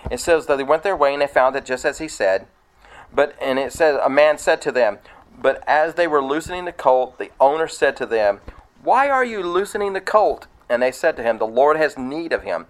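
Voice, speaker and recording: A man preaching a sermon in a conversational way, explaining scripture verse by verse and now and then rising to loud, excited retelling. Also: mid-range voice, low-quality recording.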